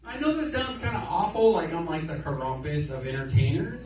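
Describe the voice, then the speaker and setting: A man performing a profane, animated stand-up set on a comedy club stage, telling stories with quick asides while the audience laughs. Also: a little high. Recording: roomy club, distant mic, crowd laughter.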